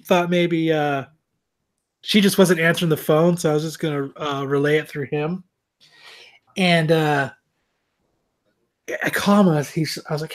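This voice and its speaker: A man co-hosting a podcast, telling a long story in a casual, animated, self-mocking way, with plenty of swearing. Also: a little high. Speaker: podcast co-host.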